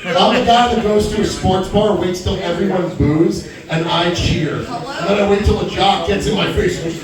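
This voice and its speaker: A man doing a stand-up comedy set in a small club, brash and crude with animated delivery. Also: sits high, moderate pace. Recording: echoey club heard from far off. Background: audience chatter and laughter.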